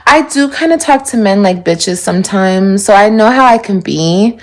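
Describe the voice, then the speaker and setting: A woman's voice: on the high side, normal speed. A young adult woman vlogging casually and candidly, rambling and swearing about her relationship. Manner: candid, profane, rambling with laughs. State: pregnant. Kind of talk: casual confessional vlog.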